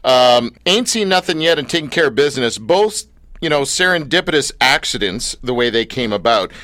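A man hosting an interview, talking like an excited fan with slangy, enthusiastic chatter. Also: mid-range voice, normal speed, no room sound. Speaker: interview host. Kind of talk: casual interview chat.

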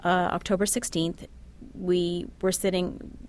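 Soft-spoken, halting woman guest. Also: fairly low pitch, little pitch movement. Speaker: interview guest, bereaved mother. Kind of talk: personal testimony.

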